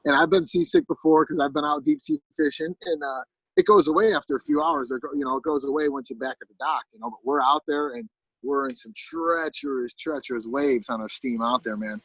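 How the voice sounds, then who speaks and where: A man, a pro fighter as a podcast guest, telling a story in an animated, casual way and often asking "you know what I mean". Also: a little high, brisk, creaky, breathy edge, dry recording, rough recording.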